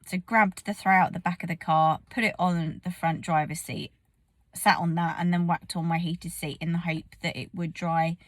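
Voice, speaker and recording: A woman's voice: on the low side, no echo. A woman in her thirties chatting casually to camera in a vlog, cold and yawning, with a self-mocking manner. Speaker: vlogger. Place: parked car.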